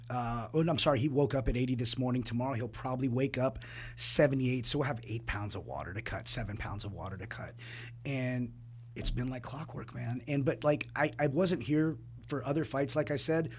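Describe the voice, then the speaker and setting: A man, a fight coach appearing as a guest, telling stories in casual interview chat with frequent laughs and quick asides. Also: mid-range voice, slight background noise. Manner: animated storyteller, laughs often, quick asides.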